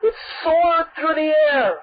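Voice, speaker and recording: Slow, high-voiced woman storyteller. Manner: vivid, emphatic storytelling. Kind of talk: devotional storytelling. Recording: dull lo-fi recording.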